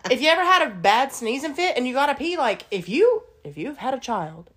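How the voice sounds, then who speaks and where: A woman's voice: high voice, sing-song, brisk. Giggly young woman. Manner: laughs often, loud reactions. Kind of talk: casual chat.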